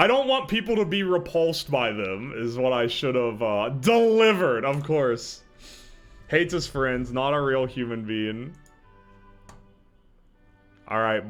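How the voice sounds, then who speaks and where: A man streaming live, chatting casually and reacting out loud, often breaking into laughter. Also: medium pitch.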